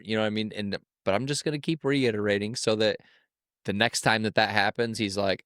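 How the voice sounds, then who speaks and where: Low-voiced laid-back podcast man. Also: steady tone, brisk, a bit bright, no room sound, studio quality. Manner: reassuring, laid-back, profane, often says "you know what I mean". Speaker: podcast co-host. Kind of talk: casual podcast chat.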